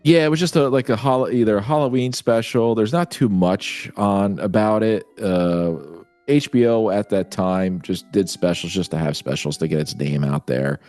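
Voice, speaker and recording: A man guesting on a podcast who drifts into loose, rambling anecdotes. His voice sits a little low. Faint music runs under the talk. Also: moderate pace, darkish tone, no room sound. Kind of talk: casual chat.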